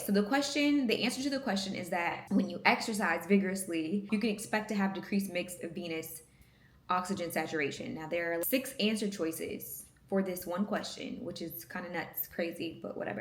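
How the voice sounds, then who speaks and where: A woman's voice: on the low side, fairly quick, reverberant, slight background noise. A woman in her thirties who is a medical student, chatting casually and playfully to her vlog camera at home and poking fun at herself. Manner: chatty, playful, self-mocking.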